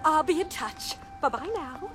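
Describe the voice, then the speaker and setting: A woman's voice: sits high, lively intonation, moderate pace, music in the background. A woman voicing a flustered theater director who stammers and dodges questions in an audio drama. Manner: hesitant, stammering.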